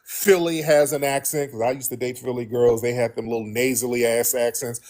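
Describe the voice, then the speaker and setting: A man's voice: medium pitch, fairly even intonation, brisk, darkish tone. A man from the United States hosting casual commentary to his viewers, emphatic and repetitive, calling them family. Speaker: host.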